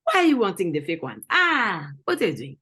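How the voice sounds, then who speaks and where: A woman's voice: mid-range voice, wildly swooping pitch, fairly quick, sharp tone, slightly rough, exaggerated voice. Woman putting on a pushy mock-accented interrogator. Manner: exaggerated foreign accent, broken English.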